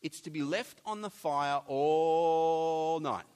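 A man preaching a sermon, animated, with jokey asides and big swings between loud and soft. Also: on the high side, takes it slowly, smooth. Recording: long hall reverb.

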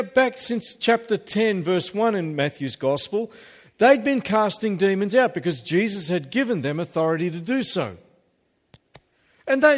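Pastor, male, emphatic sermon voice with jokey asides, pitched a bit high, long hall reverb. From Australia. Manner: emphatic preaching with humorous asides. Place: church hall.

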